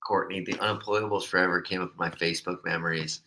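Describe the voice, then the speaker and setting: A man co-hosting a casual livestream from an apartment, relaxed and laid-back while drinking beer. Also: low voice, fast talker, slight background noise. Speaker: livestream co-host. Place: indoor rental apartment.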